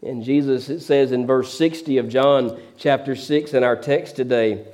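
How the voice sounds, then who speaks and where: Mellow-voiced male preacher. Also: mid-range voice, normal speed. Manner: preachy storytelling, repeats words when excited. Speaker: pastor. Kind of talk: sermon.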